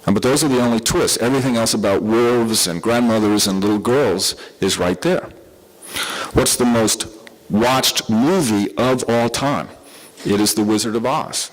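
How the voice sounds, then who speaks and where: A middle-aged man with a Southern American accent lectures to a conference audience at a medium pitch. He keeps it conversational, with fillers and restarts as he goes. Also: moderate pace, low-quality recording. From southern United States. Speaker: conference speaker.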